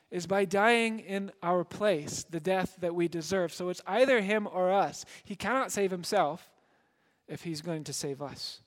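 A man preaching a sermon as a dramatic story, shifting between loud emphasis and hushed moments. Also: high-pitched. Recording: long hall reverb.

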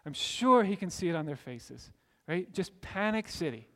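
A man preaching a sermon in a high voice, bringing the story to life by acting out its characters. His words ring with the long reverb of a large hall. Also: sing-song, normal speed, fairly bright tone. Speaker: pastor.

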